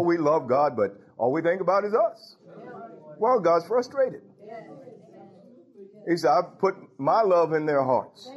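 A man preaching a sermon in a conversational, teasing way, laughing and making asides to the congregation. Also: fairly high pitch. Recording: dull lo-fi recording.

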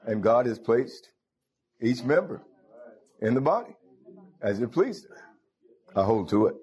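A man delivers a sermon at a middle pitch. He quotes scripture in old biblical wording and punctuates his points with cries of praise and quick rhetorical questions. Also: very animated, a little mellow, breathy edge, highs cut off. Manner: scripture-quoting, call-and-response exclamations. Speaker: preacher.

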